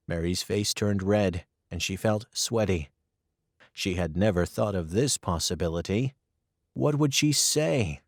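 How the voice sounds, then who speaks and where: A man narrating a simplified storybook for learners, clear and careful. He reads slowly with a lively, rising and falling voice, recorded close with no room sound. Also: on the low side, no room sound. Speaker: audiobook narrator. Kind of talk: graded-reader audiobook narration.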